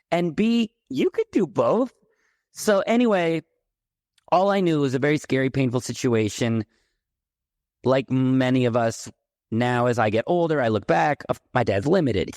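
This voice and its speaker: A middle-aged man from the San Francisco Bay Area, a podcast guest telling his childhood story in a candid, animated way. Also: mid-range voice, dry recording, clean studio sound. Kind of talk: personal storytelling in a podcast interview.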